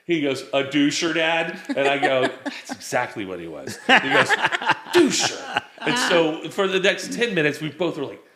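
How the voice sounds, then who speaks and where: A man's voice: on the high side, very animated, moderate pace, few pauses, echoey room, over a noisy crowd. A man in his forties chatting casually as a guest, telling rambling family stories and acting out the quotes. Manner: rambling storyteller, acts out quotes. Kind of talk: casual chat.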